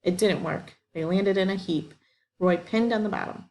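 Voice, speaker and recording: A woman reading a novel aloud in steady, even narration. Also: mid-range voice, moderate pace, slight background noise. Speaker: audiobook reader. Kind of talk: scripted narration.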